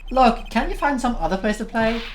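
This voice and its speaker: A woman's voice: on the high side, lively intonation, a little fast, heavy background noise, voice pushed up, natural voice. A woman voicing a weary male police officer who turns flustered and stammers. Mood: gruff.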